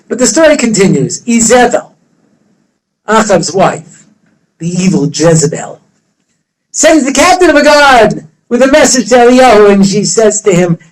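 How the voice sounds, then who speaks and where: A fairly high-voiced rabbi teaches students in a study hall, recounting a story with lively humor and taking on each character's voice. The recording quality is low.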